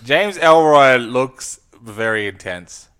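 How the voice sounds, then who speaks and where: Wry male podcast co-host, mid-pitched. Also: animated, slow pace, fairly bright tone, clean tone. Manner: wry, joking, short interjections. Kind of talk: casual podcast chat.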